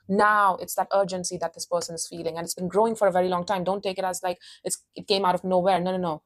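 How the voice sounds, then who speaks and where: A woman's voice: lowish voice, flat delivery, quick pace, hardly any pauses. A woman giving a casual tarot reading, intense and emphatic, repeating her phrases and calling the listener honey. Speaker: tarot reader.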